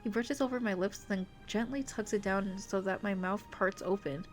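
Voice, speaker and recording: A woman's voice: medium pitch, normal speed, soft background music. A young woman streamer reading a romance visual novel aloud, breaking in with giggly, gushing asides. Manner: giggly, gushing asides between dramatic narration. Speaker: VTuber streamer.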